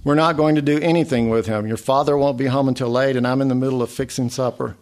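A man reading aloud, voicing a brisk, firm mother busy fixing supper. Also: medium pitch, fairly even intonation, darkish tone, lightly acted.

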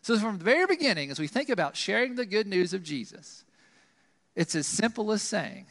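A man preaching a sermon in a conversational, animated way, often asking the congregation questions. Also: high-pitched, fairly quick, in a large hall. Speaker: pastor.

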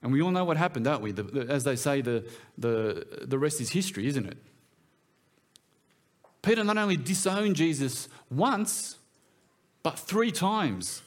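A male preacher gives a sermon in a church. His delivery is relaxed and conversational, with a voice that swings freely up and down in pitch. He keeps drawing his listeners in with questions. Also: measured pace. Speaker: pastor.

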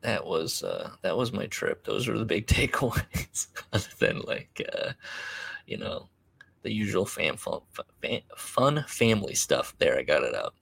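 A man hosting a podcast, telling a story in a wry, self-deprecating way with many halting fillers. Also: lowish voice, sing-song, vocal fry, fairly bright tone, breathy edge. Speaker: podcast host. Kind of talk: casual storytelling monologue.

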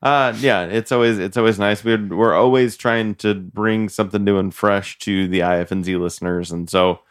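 A young man from Illinois co-hosting a podcast, talking casually with many pauses and self-corrections. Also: lowish voice, steady tone, smooth. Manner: halting, self-correcting, chuckles often. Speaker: podcast co-host and musician. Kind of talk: casual chat.

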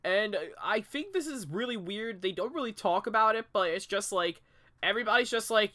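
A man co-hosting a jokey podcast, tossing in quick, wry agreement and asides. His voice is bright and forceful and a little high. He is on a video call. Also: lively intonation. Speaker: podcast co-host. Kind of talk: casual comedic book-discussion chat.

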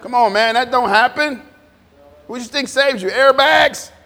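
High-voiced preacher in a reverberant hall. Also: male voice, unhurried. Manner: animated, repetitive, conversational preaching. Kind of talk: informal sermon with congregation responses. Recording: long reverb in a church hall.

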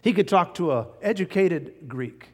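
A man preaching a sermon as pastor, folksy and animated, chuckling now and then at his own jokes. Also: high-pitched, unhurried, slightly rough, big-room sound.

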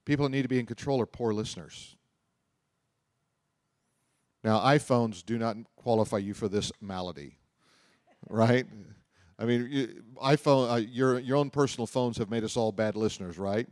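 A man's voice: mid-range voice, normal speed, long pauses, darkish tone, no echo, studio quality. A middle-aged man preaching a sermon in a loose, conversational storytelling way, often repeating himself and adding asides. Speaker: pastor. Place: church auditorium.

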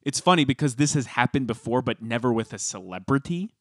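A man co-hosting a podcast, chatting casually and telling stories with animated emphasis. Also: mid-range voice, a little fast, no room sound, clean studio sound. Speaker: podcast co-host.

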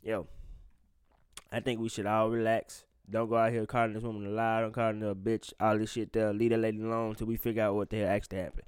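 A man's voice: fairly low pitch, level tone, quick pace, clear, resonant tone, dry recording, studio quality. A man hosting a podcast in casual chat, blunt and profane, talking straight to his listeners. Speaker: podcast host.

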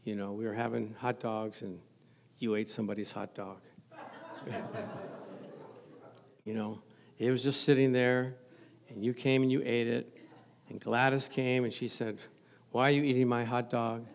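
A man's voice: mid-range voice, flat delivery, moderate pace, pauses often, a little hiss or hum. A middle-aged man preaching a sermon as pastor in a church, joking playfully with the congregation.

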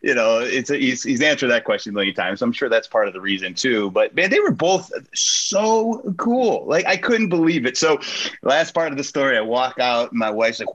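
A man's voice: medium pitch, a bit bright, highs cut off. A man guest on a podcast, telling a long story casually with lots of fillers and restarts. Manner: rambling storyteller, many fillers. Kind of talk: casual chat.

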